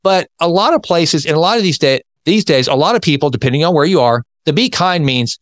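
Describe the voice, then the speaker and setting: A man hosting an interview in a casual, chatty way, telling anecdotes and talking in quick bursts. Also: fairly high pitch, animated, no room sound, studio quality. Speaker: interview host.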